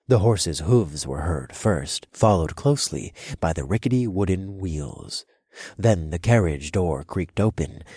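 Brooding male audiobook narrator, deep husky voice, dry booth recording. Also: darkish tone, no echo. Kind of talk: first-person audiobook narration.

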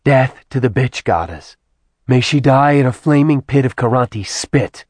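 A man's voice: mid-range voice, animated, normal speed, darkish tone, no echo, pitched above the performer's own voice, lightly acted. A man voicing a testy, blunt female demon who is always hungry.

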